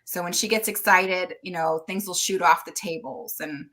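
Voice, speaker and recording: A middle-aged woman, a guest on an interview show, chatting loudly and laughing often as she tells stories. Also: lowish voice, steady tone, normal speed. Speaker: guest, tarot reader and medium. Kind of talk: casual interview chat.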